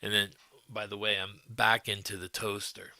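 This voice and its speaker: A middle-aged man chatting loosely with his livestream viewers from home, his low voice gravelly and edged with a sharp, forceful bite. He drifts from story to story and stops to answer the chat. The sound is close and dry. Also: little pitch movement, moderate pace, no room sound. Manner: rambling, answers chat comments as he goes. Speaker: livestream host.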